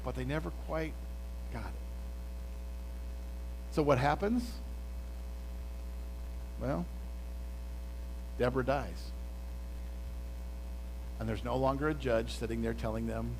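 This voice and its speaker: A male pastor preaching a casual, animated sermon, retelling a story with exclamations and asides. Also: mid-range voice, slow, pauses often, a little hiss or hum, rough recording.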